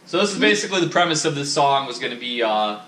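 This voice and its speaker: A man's voice: mid-range voice, very animated, quick pace, a bit bright, slight background noise. Rambling, profane man in an echoey room. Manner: rambling, profane, self-critical. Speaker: vlogger. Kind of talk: casual rambling monologue.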